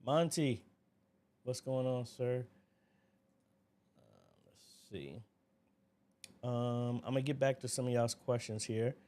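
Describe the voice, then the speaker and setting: A man's voice: medium pitch, slow, long pauses, warm tone. A man hosting a casual livestream, greeting viewers by name one after another and then talking through a tech demo on his computer. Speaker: livestream host.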